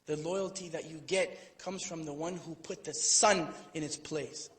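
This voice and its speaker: A man lectures a live audience in a hall, with a voice sitting a little high for a man. He tells the story in a relaxed way and stops for playful asides. His words trail off into a long reverberant tail. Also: measured pace. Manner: conversational, playful asides, acts out quotes. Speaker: Islamic lecturer. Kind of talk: storytelling sermon.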